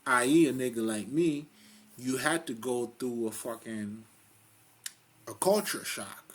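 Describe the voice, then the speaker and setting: This is a man with a husky, slightly rough voice, talking in a loose, rambling way. He swears freely, leans on fillers, and breaks into loud laughs between his points. His pitch sits at an ordinary middle level for a man. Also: a little slow. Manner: rambling, profane and streetwise, with frequent fillers. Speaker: spiritual talk host. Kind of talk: casual spoken monologue.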